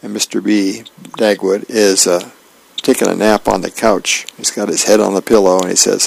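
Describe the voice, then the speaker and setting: A man, a volunteer reader, reading the newspaper aloud for a radio reading service in a plain, unhurried way with small hesitations. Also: deep voice, level tone, creaky, poor audio.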